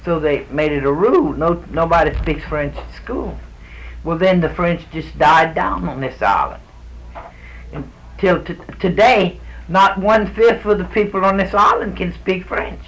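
In a low-quality recording of an oral history interview, a Cajun-accented man in his sixties from a South Louisiana island spins rambling, folksy stories full of restarts. He speaks in a high, expressive, fairly bright voice and takes his time.

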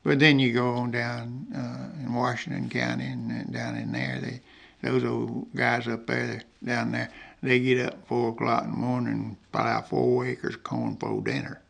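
A man's voice: mid-range voice, level tone, measured pace, creaky, a bit bright. An older man with a north Georgia Southern accent tells rambling, folksy stories in an oral history interview. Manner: rambling, folksy, laughs at his own stories.

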